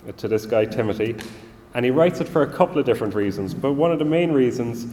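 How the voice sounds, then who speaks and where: A man preaching a sermon, earnest and measured, often repeating words as he gathers his thoughts. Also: mid-range voice, expressive, dark tone. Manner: earnest, measured, repeats himself while thinking. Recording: long reverb of a large hall.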